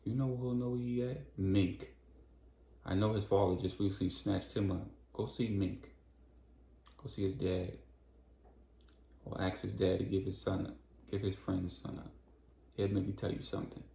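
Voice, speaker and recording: Gravelly man telling a story casually. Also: deep voice, steady tone, normal speed, pauses often, warm tone, reverberant. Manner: loose, conversational, slangy. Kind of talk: casual spoken story recap.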